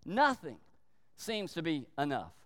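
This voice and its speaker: A male pastor preaching a sermon in an emphatic manner, slowing down to stress points and briefly acting out quoted voices. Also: fairly high pitch, huge pitch swings, long reverb tail.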